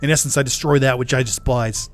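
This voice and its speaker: A man's voice: mid-range voice, steady tone, fast, faint music behind, close to an everyday voice. A man voicing a haughty, scornful male demon lord in a put-on Boston accent, reading game dialogue in a stiff, formal, dramatic way. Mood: disdainful.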